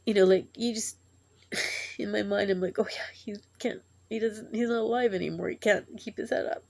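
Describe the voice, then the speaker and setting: A woman telling a tearful personal story in a halting, emotional way, sighing and breaking off as she grieves. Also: mid-range voice, vocal fry. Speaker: vlogger.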